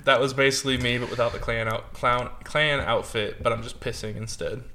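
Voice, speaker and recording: A man's voice: medium pitch, steady tone, a little fast, pushed and bright. A man chatting casually with friends on a podcast, telling an easygoing, profane anecdote. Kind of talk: casual chat among friends.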